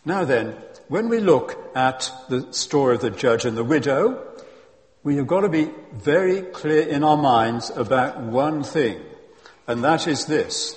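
A man delivers a sermon at an unhurried pace, pressing key points with emphasis and dropping in friendly asides. His voice sits in a middling register. The sound carries a long reverb from a church hall. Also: medium pitch. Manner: lively and emphatic, with chuckles and asides. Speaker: preacher.

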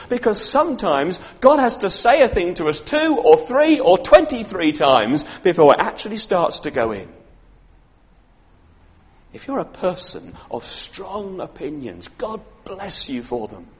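A middle-aged man preaching a sermon, telling the story in a lively way and voicing the people he quotes. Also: on the high side. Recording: long reverb of a large hall.

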